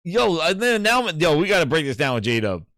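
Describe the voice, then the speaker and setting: A man hosting a casual gaming show, excitable and slangy, often breaking into laughter while he reacts. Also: on the high side, normal speed, no room sound, studio quality. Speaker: host. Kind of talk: casual live-show commentary.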